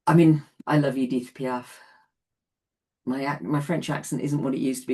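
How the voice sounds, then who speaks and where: A woman's voice: a bass voice, steady tone, normal speed, dark tone. A woman in her late sixties teaching an online class in a chatty way, often laughing between points. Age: 60s.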